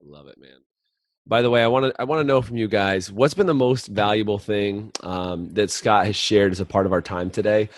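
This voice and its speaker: A man's voice: lowish voice, brisk, no echo, studio quality. A man hosting a group coaching call, upbeat and encouraging, inviting listeners to unmute and share. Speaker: host and business coach. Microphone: video call.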